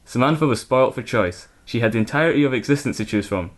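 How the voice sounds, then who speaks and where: A man, co-host of a podcast, reading crude fan fiction aloud in a mostly deadpan voice and chatting casually about it. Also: mid-range voice, fast talker.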